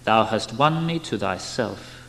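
A man giving an expressive, emotional dramatic reading of a spiritual memoir, his loudness swinging widely. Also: fairly low pitch, measured pace, slight background noise. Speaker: reader. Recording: long hall reverb.

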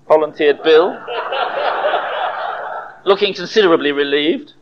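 Lively preacher, lo-fi recording. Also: male voice, on the high side, normal speed. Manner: animated, dramatic storytelling delivery. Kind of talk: sermon. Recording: dull lo-fi recording.

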